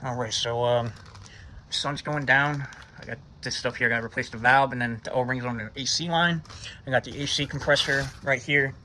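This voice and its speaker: Man, bright voice, casual car repair vlog, swears a lot, thinks aloud, faint background noise. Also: mid-range voice, fairly even intonation, moderate pace. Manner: casual and profane, thinking aloud while working. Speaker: car vlogger. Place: home driveway by a car.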